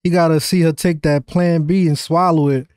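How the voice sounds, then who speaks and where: A man's voice: a little high, fairly even intonation, a little mellow, smooth, no room sound, studio quality. A man hosting a music reaction, talking in casual slangy commentary and cheering the verse on. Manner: hyped, rapid slangy cheering. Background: rap track playing faintly.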